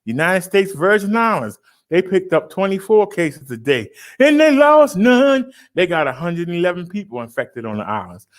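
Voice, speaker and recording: Guy on a livestream, lively swinging voice, kinda high, stretches words out big. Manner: showy, drawn-out announcing with loud punches; chatty, addresses viewers as y'all. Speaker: livestream host reading daily stats. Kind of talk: casual livestream chat.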